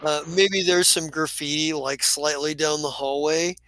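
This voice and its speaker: A man's voice: a little high, fairly even intonation, measured pace, sharp tone, a little hiss or hum, rough recording. A man narrating as game master in a tabletop game, rambling and often correcting himself mid-sentence.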